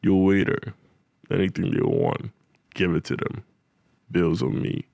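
Deep, calm, generous big spender, put on by a male storyteller, low and unhurried. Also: vocal fry, no room sound. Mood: smooth.

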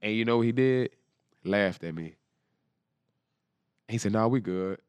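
A man, telling a story as an interview guest in a lively, slangy way and acting out the quotes. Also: lowish voice, clear, resonant tone, no room sound, dull audio. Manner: animated, quick storytelling with slang and repeated quotes. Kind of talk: casual storytelling.

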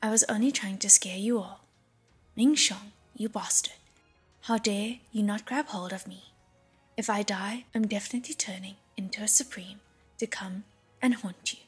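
A breathy-voiced woman voicing a frightened young male wind god who hides his nerves behind bluster, in an audiobook. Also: sits high, moderate pace, soft background music. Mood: scared bravado. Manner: nervous bravado.

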